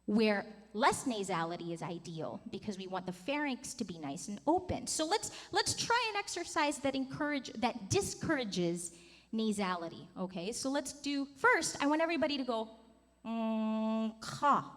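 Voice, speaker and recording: A woman's voice: a little high, big pitch swings, moderate pace. A woman in her thirties teaching a singing workshop, demonstrating vocal sounds and coaxing the group to join in. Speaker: vocal coach. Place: large conference hall. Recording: long hall reverb.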